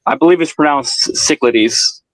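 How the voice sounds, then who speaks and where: A man chiming in on a casual podcast, hesitant and thinking out loud. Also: medium pitch, brisk, no room sound, low-quality recording.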